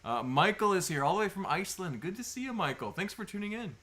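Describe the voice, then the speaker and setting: Seated indoors at a table of sorting bins, a livestream host chats casually with viewers, greeting them by name and using lots of fillers. His voice is high and sharp, fast, with big pitch swings.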